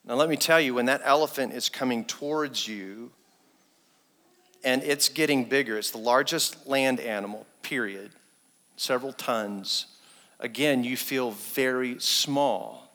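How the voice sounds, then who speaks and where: A man preaching a sermon as associate pastor, animated and acting out quoted speech, with his voice ringing in a church hall. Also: mid-range voice, measured pace. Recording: long reverb in a church hall.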